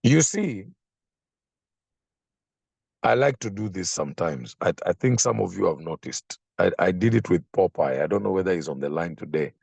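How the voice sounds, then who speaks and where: A man preaching a sermon, slow and emphatic, repeating phrases for effect. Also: low voice, expressive, vocal fry, darkish tone, slightly rough, no room sound.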